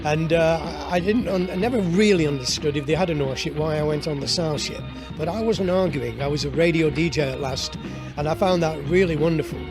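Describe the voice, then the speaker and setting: A man with a northern English accent, a former pirate radio DJ, chatting warmly about his radio days and laughing often. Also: a little high, fairly quick, music in the background. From northern England. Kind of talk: reminiscing interview.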